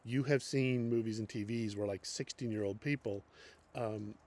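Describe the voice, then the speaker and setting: A man's voice: on the low side, steady tone, moderate pace, a little mellow. A middle-aged man giving an unscripted acting lecture as a teacher, with many fillers and restarts. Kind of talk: classroom lecture.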